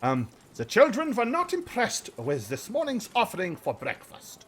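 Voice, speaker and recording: A man voicing a frazzled, flustered headmistress in her fifties, speaking in a high, fluttery and apologetic voice. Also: huge pitch swings, moderate pace, a little hiss or hum. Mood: flustered polite. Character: frazzled, flustered middle-aged woman headmistress of an orphanage.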